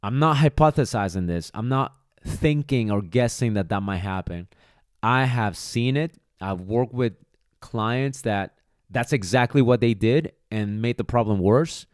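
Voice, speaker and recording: A man's voice: medium pitch, unhurried, no room sound, studio quality. A man who trains dogs, hosting a podcast monologue and speaking bluntly and emphatically, with casual swearing. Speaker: dog trainer, podcast host.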